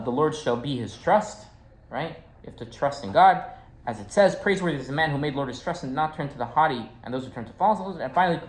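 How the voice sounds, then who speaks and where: A rabbi teaching a class, telling a story and checking in with his listeners with a casual "right?". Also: fairly high pitch. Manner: conversational, keeps checking in with "right?". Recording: roomy echo, faint background hum.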